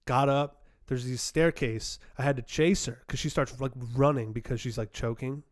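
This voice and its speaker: A young man co-hosting a podcast, telling animated stories in casual banter. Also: medium pitch, moderate pace, no echo, studio quality. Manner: animated storyteller, laughs through stories. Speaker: podcast co-host.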